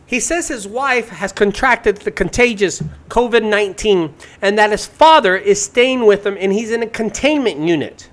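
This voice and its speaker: A young man casually telling his viewers a story in an animated, dramatic way, with sudden loud bursts. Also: high-pitched, normal speed, hardly any pauses. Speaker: junk removal business owner.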